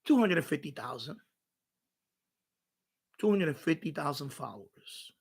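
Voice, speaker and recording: A man's voice: fairly high pitch, very animated, moderate pace, slightly rough. A man hosting a home live stream from his radio room, rambling and ranting with profanity and mocking asides.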